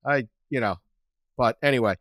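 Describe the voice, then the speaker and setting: A man hosting a sports podcast, telling stories in a lively, chatty way and laughing often. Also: mid-range voice, moderate pace, no echo. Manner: animated storyteller, laughs often, acts out quotes. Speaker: podcast host. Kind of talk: casual sports chat.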